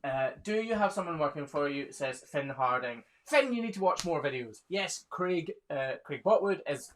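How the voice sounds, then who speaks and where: A man's voice: fairly high pitch, animated, normal speed, a bit bright, slight background noise. Chatty man in his thirties. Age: 30s. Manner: chatty, laughs often, reads comments aloud. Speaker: hoof trimmer hosting a live Q&A. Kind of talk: casual live-stream chat reading viewer questions.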